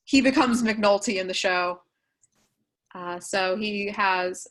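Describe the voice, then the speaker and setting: A woman teaching a writing workshop over a video call, explaining in a casual, chatty way with many fillers and quick asides. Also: medium pitch, fairly bright tone, poor audio. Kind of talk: online class walkthrough.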